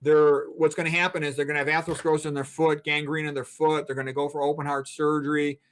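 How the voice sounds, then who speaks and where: A blunt doctor in his sixties lectures with plenty of emphasis. His voice sits a little higher than most men's. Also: level tone, fast, clean tone. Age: 60s. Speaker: physician, guest. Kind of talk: interview talk.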